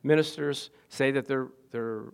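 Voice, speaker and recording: A middle-aged man preaching a sermon, swinging between quiet asides and loud, emphatic lines and putting questions to the congregation. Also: mid-range voice, fairly even intonation, unhurried, vocal fry, clean tone. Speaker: pastor.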